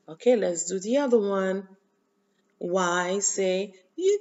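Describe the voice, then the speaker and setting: Slow sing-song Haitian teacher. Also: female voice, medium pitch, animated, darkish tone, muffled recording. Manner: slow, sing-song drilling with call-and-response. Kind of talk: children's phonics lesson.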